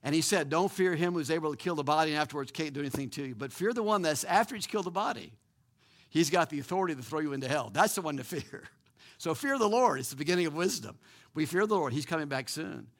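A male pastor delivers a sermon in a fairly high voice. He preaches with animated emphasis, stumbling over repeated words and restarting his sentences. A chuckle slips in now and then. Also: quick pace.

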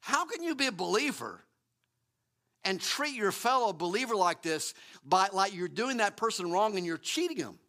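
Middle-aged preacher guy, high bright voice, keeps firing rhetorical questions. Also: big pitch swings, normal speed. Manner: emphatic, rhetorical questions, often repeats words. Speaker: pastor. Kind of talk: sermon.

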